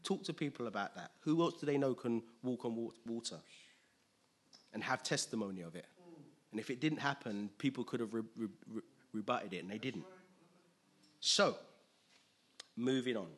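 A man preaching a conversational sermon, chatty and quick to laugh, often asking listeners if they follow. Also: medium pitch, expressive, slightly rough.

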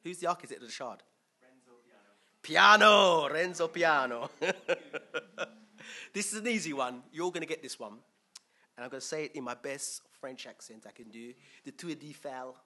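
A preacher with a bright, ringing tone and a voice that sits a little high. He talks to his congregation in a loose, conversational way, quizzing them and chuckling as he goes. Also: lively intonation, moderate pace. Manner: chatty, asks the crowd questions, chuckles often. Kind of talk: conversational sermon with questions to the congregation.

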